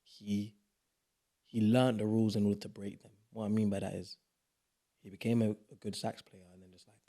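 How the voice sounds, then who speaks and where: A young man, a podcast guest in casual, animated chat. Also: lowish voice. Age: young adult. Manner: animated, playful, quick bursts of emphasis.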